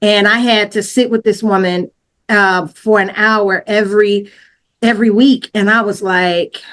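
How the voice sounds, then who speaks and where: A woman telling her own story as a podcast guest, casual and slangy, acting out what she said back then with lots of fillers and restarts. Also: measured pace. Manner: animated retelling, acts out her own quoted lines louder and higher.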